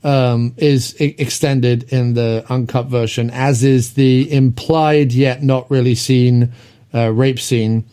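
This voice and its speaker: A man hosting a podcast, reviewing an old movie in casual chat, rambling with lots of ums and quick laughs. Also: mid-range voice, level tone, dark tone, clean tone. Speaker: podcast host.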